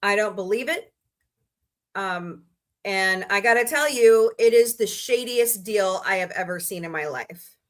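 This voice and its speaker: A woman from Missouri, USA, hosts a casual livestream, chatting and rambling with frank asides to her viewers. Her voice is medium-pitched and a little slow.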